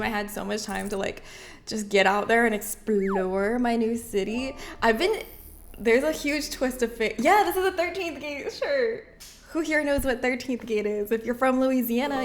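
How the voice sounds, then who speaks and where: A woman streamer with a high, bright voice talks casually with her live chat. She is bubbly and chatty, laughing often as she reads messages aloud. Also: a little hiss or hum.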